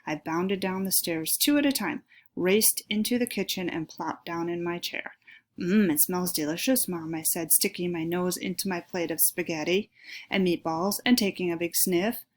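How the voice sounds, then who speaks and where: Lower-voiced woman reading a kids' book aloud. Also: fairly even intonation, normal speed. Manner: friendly, addressing listeners directly. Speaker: reader of a children's book.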